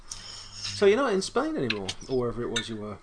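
A man's voice: mid-range voice, huge pitch swings, fast, noisy background. A man hosting a casual podcast chat over an online call, full of dry teasing banter. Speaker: podcast host.

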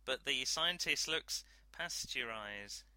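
A man's voice: medium pitch, lively intonation, takes it slowly, bright, forceful tone, no echo. A man narrating as game master, hesitant with many ums.

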